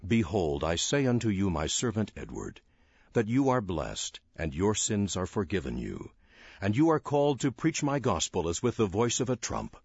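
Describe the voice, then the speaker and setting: A man with a low, husky voice reads scripture slowly and solemnly, his pitch rising and falling expressively. The recording is dry and close but dull and lo-fi. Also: dry recording. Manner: slow, solemn, declamatory. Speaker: scripture reader.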